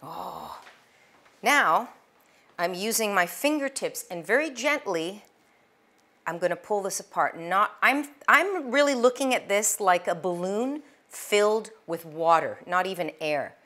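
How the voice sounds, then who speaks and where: A middle-aged woman hosting a casual cooking demonstration, chatty and enthusiastic, with a loud, projecting voice, talking to the viewer as she works the dough. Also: medium pitch, animated, a little slow. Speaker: cooking show host.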